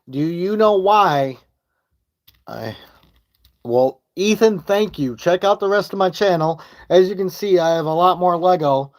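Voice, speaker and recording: Recorded on a phone in his home basement, a Michigan man with a slightly high voice chats casually on a live stream. He rambles, swears and loses his train of thought.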